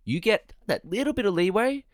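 A man's voice: sits high, very animated, a little fast, dry recording, studio quality. A man in casual chat, laid-back and sweary, laughing often and filling with "like" and "yeah".

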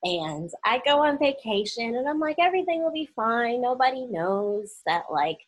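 A woman's voice: a little high, big pitch swings, normal speed, rough recording. A young woman from Oklahoma telling a personal story in a casual vlog, acting out the voices of the people she quotes.

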